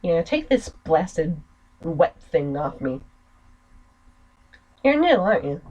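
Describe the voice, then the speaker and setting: A bitter young heir from a murder-mystery game lays out his plans in a measured, ominous tone. An American woman reads him in her own voice. Her pitch swings widely across the lines. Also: big pitch swings, a little mellow, muffled recording, full character voice. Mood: scheming. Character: scheming young nobleman, bitter and cold.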